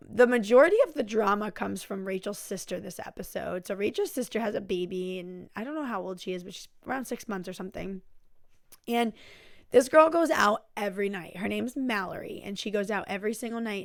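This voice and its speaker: A woman's voice: mid-range voice, fairly quick, vocal fry, no room sound, clean studio sound. Chatty woman recapping a reality show. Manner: chatty, filler-heavy with um, like and you know; blunt opinions on the people she recaps. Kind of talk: casual episode recap.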